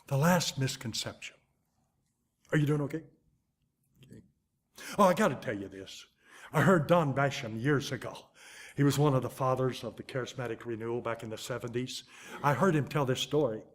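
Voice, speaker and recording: An older man preaching a sermon, telling a story with animated, dramatic swings in loudness and pace. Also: medium pitch, normal speed, pauses often.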